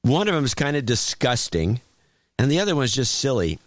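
This is a man hosting a talk show, loose and opinionated, with a wry, blunt edge. His pitch swings widely as he talks. The sound is close and dry, with no room around it. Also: very animated, dry recording. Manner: blunt, wry, halting with restarts. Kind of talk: casual opinionated chat.

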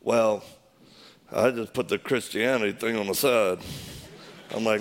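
A man telling a personal story in an animated way, acting out the quoted voices and laughing as he goes. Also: fairly low pitch, measured pace.

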